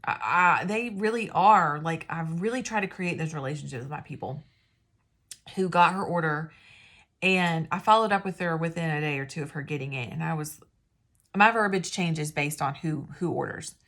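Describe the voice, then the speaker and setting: Lady rambling thru sales tips, kinda low voice, keeps stopping mid thought. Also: normal speed, fairly bright tone. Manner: rambling, chatty, self-interrupting. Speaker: independent sales consultant. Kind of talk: casual talking-to-camera advice.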